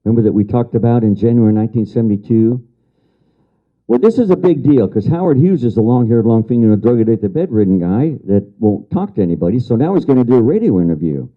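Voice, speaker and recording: A man's voice: medium pitch, very animated, fast. An older man giving a lecture as a story to an audience, repeating key phrases for emphasis and answering remarks from the room. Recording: dull lo-fi lecture recording.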